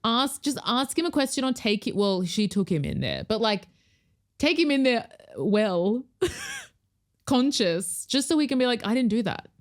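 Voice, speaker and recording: A woman's voice: mid-range voice, big pitch swings, measured pace. A woman co-hosting a podcast, chatting casually and laughing often as she acts out her reactions. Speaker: podcast co-host. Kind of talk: casual recap chat.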